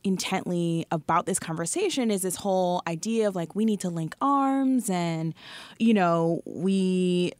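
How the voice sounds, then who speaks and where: A woman's voice: lowish voice, a little slow, darkish tone, no room sound. A woman co-hosting a podcast in casual chat, emphatic and blunt, laughing often. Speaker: podcast co-host.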